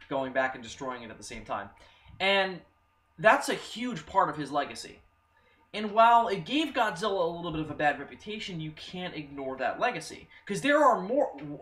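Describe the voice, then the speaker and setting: Excitable young man in an echoey room. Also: a little high. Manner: excitable, swears freely, acts out his reactions. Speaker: fan reviewer. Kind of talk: excited casual commentary.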